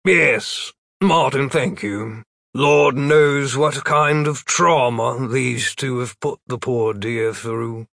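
A man puts on a prim, fussy wizard from a storybook, kindly but quick to scold. He speaks in a measured way, a little higher than a plain voice, with a gravelly texture. The sound is dry and close. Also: a bit bright, no echo.

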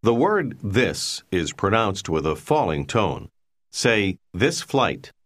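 A man narrating a language lesson in a slow, clear instructional way. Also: fairly low pitch, sing-song.

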